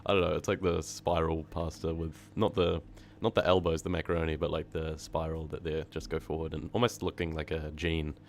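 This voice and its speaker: Deep-voiced New streamer chatting. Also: male voice, little pitch movement, brisk, slight background noise. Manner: rambling, chatty, hums and sings to himself. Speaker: horror story narrator and live streamer. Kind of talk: casual live-stream chat. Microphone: streaming microphone.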